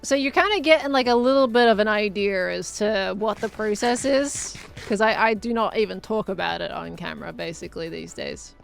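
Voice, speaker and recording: A woman's voice: mid-range voice, brisk, creaky, few pauses, faint music behind. A young adult woman streaming a game, chatting in a rambling, giggly way as she plays. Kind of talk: rambling live gameplay chat.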